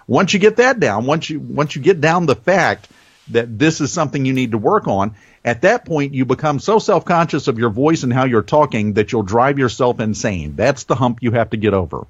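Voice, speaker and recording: A man with a softened Southern American accent, a veteteran radio host being interviewed, telling stories and deliberately shifting his speed and pitch. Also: slightly rough, no echo, highs cut off. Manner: animated storyteller, varies speed and pitch deliberately. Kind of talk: conversational podcast interview.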